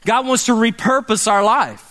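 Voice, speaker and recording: A man preaching a sermon, animated, acting out quoted people and calling for congregation responses. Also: extremely high pitch, normal speed. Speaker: pastor. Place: church meeting in a warehouse.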